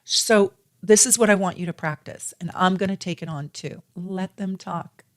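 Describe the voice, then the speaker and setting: A middle-aged woman astrologer giving casual spiritual advice to her viewers, earnest and animated, often repeating phrases for emphasis. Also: on the low side, moderate pace. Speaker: astrologer and tarot reader.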